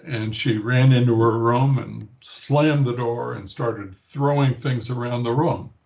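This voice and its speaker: Older guy telling a family story real slow, muffled lo-fi sound. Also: mid-range voice, creaky, darkish tone. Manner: slow, reflective, acts out quoted voices. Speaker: interview guest, patient. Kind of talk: personal storytelling in an interview.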